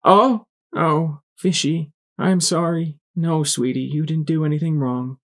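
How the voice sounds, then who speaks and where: A man voicing a gentle mother pony who is crying as she comforts her little daughter. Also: on the high side, fairly even intonation, measured pace, pitched above the performer's own voice, close to an everyday voice. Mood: tearful tender. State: tearful. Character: tender, weeping mother mare.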